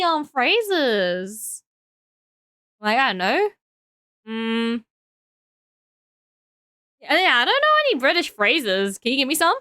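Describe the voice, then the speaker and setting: A woman's voice: sits high, big pitch swings, measured pace, pauses often, bright, forceful tone, no echo, studio quality. A woman streaming, chatting casually and giggling as she builds and talks to her viewers, tired and trailing off into self-talk. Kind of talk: casual live-stream chat while building.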